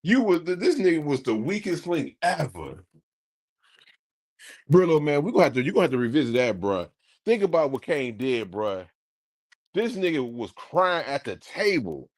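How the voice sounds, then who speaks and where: A man streaming, ranting casually to his live chat in an animated, profane way. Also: on the high side, moderate pace, no room sound, clean studio sound.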